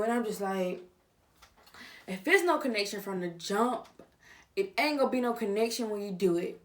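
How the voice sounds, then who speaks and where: A woman vlogger giving casual reaction commentary on a reality TV show. She talks straight to her viewers in slang, dropping to quiet asides and then rising to loud outbursts. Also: medium pitch, expressive, moderate pace.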